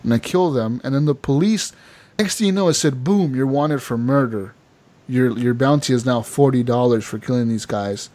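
Animated male podcast host telling a story. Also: mid-range voice, normal speed. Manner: animated storytelling with quoted voices and filler words. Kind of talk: casual gaming podcast chat.

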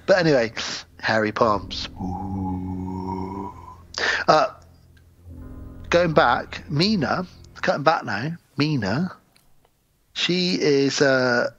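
A man's voice: medium pitch, drawn-out words, long pauses, husky, faint music behind. A man co-hosting a podcast, chatting about films casually and acting out scenes in voices. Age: adult with wife and in-laws. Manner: animated, acts out scenes in voices, laughs often. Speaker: podcast co-host. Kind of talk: casual film review chat. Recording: dull, dry lo-fi sound.

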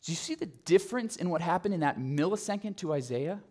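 A male pastor preaching a sermon, telling the story with animation and dropping to a soft, low voice on key phrases. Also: fast talker. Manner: animated storytelling, acting out quotes.

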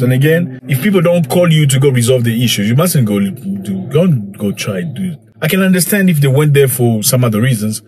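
A man's voice: medium pitch, darkish tone, husky. A man giving emphatic reaction commentary, repeating phrases for effect as he addresses his viewers. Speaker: commentator reacting to a news clip. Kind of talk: direct-to-camera commentary.

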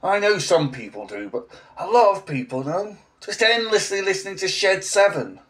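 A man's voice: high-pitched, animated, normal speed, a bit bright. A man in his forties, a language teacher, ranting in a blunt, sarcastic vlog monologue with an English accent. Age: 40s.

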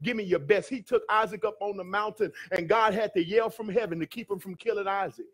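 Male pastor, high-pitched voice, sermon in a church with call-and-response. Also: fairly quick. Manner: preaching with call-and-response, building to shouts. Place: church sanctuary.

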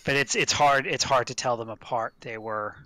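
A man's voice: medium pitch, normal speed, sharp tone, no room sound, natural voice. A man voicing a tough, battered female ex-prisoner in a tabletop game, talking bluntly and with dry scorn. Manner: blunt, dry, plain-spoken.

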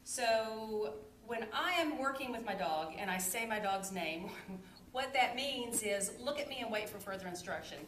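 Woman dog trainer, lively high voice, teaching on camera in an echoey room with faint noise. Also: a little slow. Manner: calls dog's name in high happy tone, then explains calmly. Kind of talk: instructional demo video.

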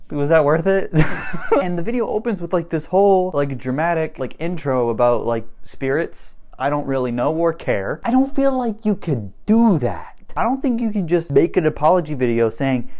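A man's voice: on the high side, sing-song, moderate pace, darkish tone. A young man doing casual reaction commentary in a sarcastic, blunt and profane way. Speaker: YouTube commentator.

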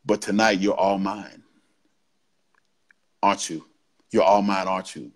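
A man voicing a dominant lover who murmurs softly and breathily to a partner, as whispered role-play. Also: low-pitched, steady tone, measured pace, voice pushed down. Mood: coaxing.

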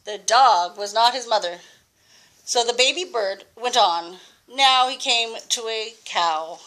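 Slow, patient grandmother reading aloud. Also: on the high side. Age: older. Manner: slow, patient, expressive, pausing to ask the child questions. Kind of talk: reading a picture book aloud.

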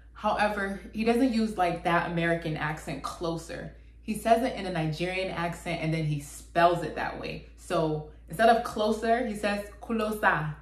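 A woman hosting her channel, explaining things in a relaxed, chatty way and often saying "like". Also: on the low side. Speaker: channel host. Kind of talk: casual explanatory talk to camera. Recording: echoey room.

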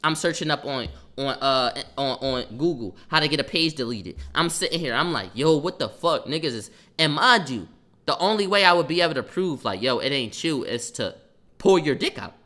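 A young man tells a story live to his viewers, swearing freely and stopping now and then to answer the chat. His voice sits a bit high and comes across very sharp and tense. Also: moderate pace. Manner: animated, profane, reacting to chat while talking. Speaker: livestreamer telling a story. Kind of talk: casual storytime on a livestream.

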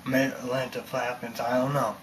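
A man's voice: medium pitch, flat delivery, moderate pace, slight background noise. A man talking in a casual, rambling monologue, repeating himself and leaning on fillers. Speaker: vlogger ranting on camera.

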